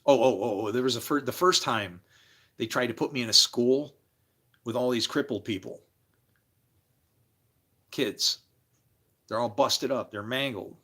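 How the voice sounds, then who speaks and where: A man livestreaming, telling rambling personal stories in a loose, animated way, laughing and swearing freely as he jumps between tangents. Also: medium pitch, a little slow, pauses often. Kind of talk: casual rambling storytelling.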